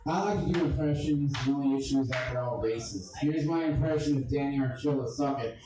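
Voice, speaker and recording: A man's voice: mid-range voice, quick pace, noisy background. A man doing a stand-up comedy set with crude, abrasive and self-deprecating jokes. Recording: echoey room, distant mic, crowd audible.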